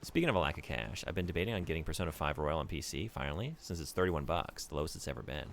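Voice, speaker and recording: A man streaming a video game, casually chatting with viewers in an animated, rambling way. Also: very deep voice, rapid-fire, gravelly, slight background noise. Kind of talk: casual gameplay commentary.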